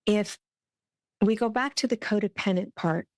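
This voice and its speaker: A woman's voice: mid-range voice, moderate pace, no echo, clean studio sound. A middle-aged woman hosting a podcast, giving an earnest, heartfelt spiritual self-help talk. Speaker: podcast host.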